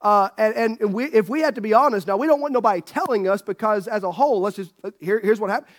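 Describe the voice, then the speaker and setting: A man's voice: high voice, fast. A middle-aged man preaching a sermon as pastor, folksy and joking with his congregation. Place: church sanctuary.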